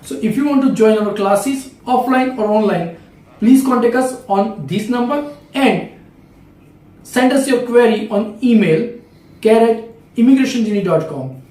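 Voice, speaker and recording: A man's voice: very high voice, lively intonation, measured pace, dark tone, echoey room, far from the mic, rough recording. A man with an Indian English accent giving a step-by-step video lesson as an English exam tutor, repeating key phrases.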